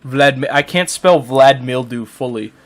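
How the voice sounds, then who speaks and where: A man co-hosting a podcast, chatting casually and jokily while playing a game. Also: medium pitch. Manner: jokey, rambling, quick asides. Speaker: podcast co-host.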